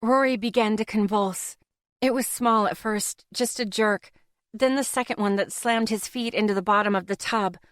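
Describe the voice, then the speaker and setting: A woman reads a first-person audiobook, mid-pitched and steady, with expressive delivery. The sound is dry and close to the microphone. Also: moderate pace, dry recording. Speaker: audiobook narrator.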